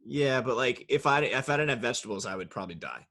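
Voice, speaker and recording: A man's voice: medium pitch, expressive, fast talker, a bit bright. Joking male podcast co-host. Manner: joking, riffs in silly put-on voices. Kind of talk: casual chat.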